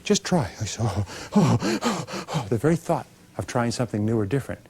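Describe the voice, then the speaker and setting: A man's voice: mid-range voice, sing-song, a little fast, gravelly, a little mellow, slight background noise. A man giving a motivational speech to a live audience, emphatic and acting out little dialogues. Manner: emphatic, acts out dialogue, leads audience call-and-response. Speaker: motivational speaker.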